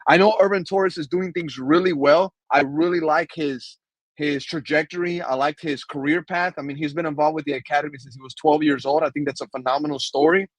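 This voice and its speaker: A man's voice: fairly high pitch, fairly even intonation, brisk, dry recording, poor audio. A man co-hosting a soccer podcast, emphatic and fired-up, often calling his co-host brother. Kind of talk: passionate soccer podcast commentary.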